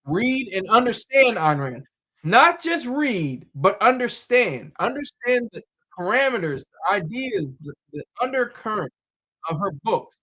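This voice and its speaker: A man's voice: sits high, a bit bright. A man talking in a loose, rambling monologue, full of fillers, repeated words and restarts.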